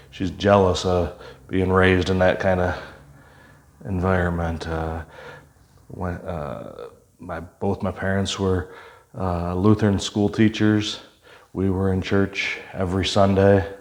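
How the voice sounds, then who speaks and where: Older man, very low voice, retired cop guest, unhurried storytelling, thoughtful pauses. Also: creaky. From Michigan, US. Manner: unhurried, reflective, frequent "uh" pauses. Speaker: retired police officer, podcast guest. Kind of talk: casual storytelling interview.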